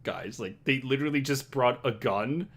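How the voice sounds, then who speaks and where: A man telling friends about a movie in casual chat, animated and quick to laugh, rambling and restarting his sentences. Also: medium pitch, slightly rough. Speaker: host recapping a movie to friends.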